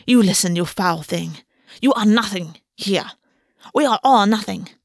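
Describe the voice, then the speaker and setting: A woman doing an icy fae queen, sneering and sharp, dry close sound. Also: mid-range voice, unhurried, creaky, no echo. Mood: scornful. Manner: cold, cutting. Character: cold scornful fae queen, sharp-tongued.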